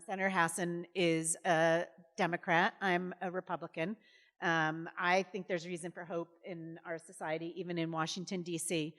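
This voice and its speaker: A woman in her fifties, a former governor, telling stories in a chatty, animated way on stage, full of fillers and acted-out quotes. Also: fairly low pitch. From Massachusetts. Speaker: guest speaker, former governor. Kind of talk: conversational storytelling on stage. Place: college event hall. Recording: reverberant hall.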